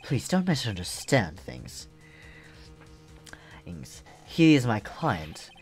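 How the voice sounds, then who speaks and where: A man voicing a soft-spoken, courteous male assassin with mannered politeness, reading game dialogue aloud on a stream. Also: medium pitch, very animated, takes it slowly, faint music behind. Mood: polite menace.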